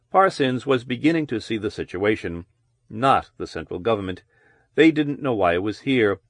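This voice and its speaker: A man giving measured, descriptive audiobook narration of a novel. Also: lowish voice, lively intonation, dry recording.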